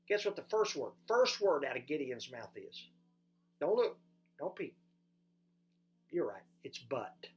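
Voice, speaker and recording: A pastor giving a sermon, asking listeners direct questions and swinging from loud emphasis to quiet, low delivery. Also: animated, a little slow, long pauses.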